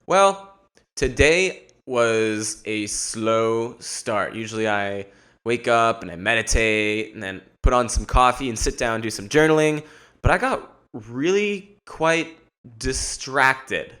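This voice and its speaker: A man's voice: mid-range voice, lively intonation, slow pace, pushed and bright. Rambling, jokey male podcast host. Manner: rambling and jokey, lots of restarts. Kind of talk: casual solo podcast chat.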